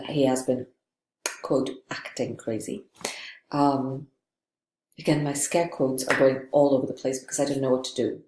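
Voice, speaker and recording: A woman's voice: low-pitched, a little mellow, roomy sound, a little hiss or hum. A woman giving a literature lecture, thoughtful and digressive, often checking in with "right?". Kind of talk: recorded lecture.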